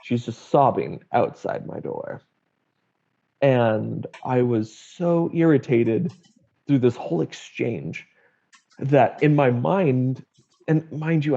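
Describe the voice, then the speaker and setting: Young man, gravelly and dark-toned, wry candid storyteller, dull lo-fi recording. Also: medium pitch. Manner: wry, blunt, acts out family quotes. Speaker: guest sharing his story. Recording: dull lo-fi audio.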